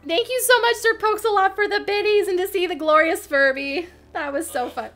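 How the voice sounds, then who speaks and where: A woman's voice: very high-pitched, moderate pace, a bit bright, faint music behind. A woman chatting with viewers on a crafting livestream, bubbly and giggly, often laughing as she talks. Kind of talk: casual crafting livestream chat.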